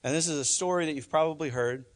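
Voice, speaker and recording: A man's voice: a little high, quick pace. A male pastor preaching a sermon in church, talking conversationally and emphatically, often repeating phrases.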